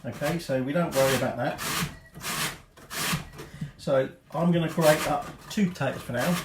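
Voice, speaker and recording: A man's voice: on the high side, normal speed, echoey room, very noisy. A middle-aged man from England hosting a home cooking demonstration, chatting casually with rambling, self-deprecating asides. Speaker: home cooking show host. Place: home kitchen.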